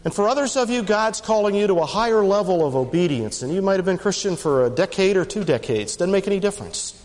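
A man preaching a sermon as pastor, swinging between fast punchy lines and slow emphatic ones. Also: animated, darkish tone, big-room sound. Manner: dramatic rises and drops in pitch and pace.

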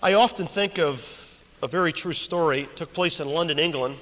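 A male preacher delivering a sermon, driving points home by repeating phrases and acting out little stories. His voice sits a bit high for a man. The sound rings with long reverb from a large hall. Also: moderate pace, fairly bright tone. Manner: emphatic, repeats key phrases for effect; storytelling with quoted characters.

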